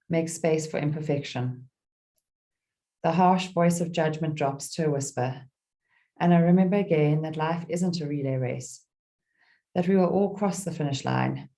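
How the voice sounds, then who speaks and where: A middle-aged woman guides a meditation in a soft, unhurried, low and warm voice, leaving gentle pauses between phrases. She then reads a poem with the same calm, soothing care.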